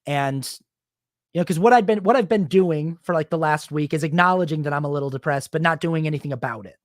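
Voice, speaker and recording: A man's voice: a little high, quick pace, no echo. Guy on his solo podcast owning up to a dumb moment, rambly and self-deprecating, dry close mic. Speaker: podcast host. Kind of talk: solo confessional storytelling.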